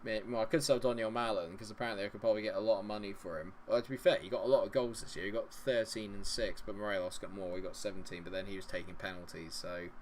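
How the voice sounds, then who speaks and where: A man's voice: on the low side, fairly even intonation, fast talker, few pauses, a little hiss or hum. A young man streaming a game, chatting and joking with viewers, laughing often. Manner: chatty, jokey, laughs often, talks to chat. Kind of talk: live-stream chat with viewers.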